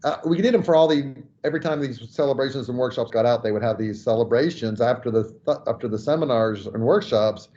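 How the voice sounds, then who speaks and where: A man's voice: mid-range voice, fast talker, few pauses, warm tone. A man hosting a casual podcast interview, talking in a rambling, conversational way. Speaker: podcast host. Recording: dull lo-fi audio.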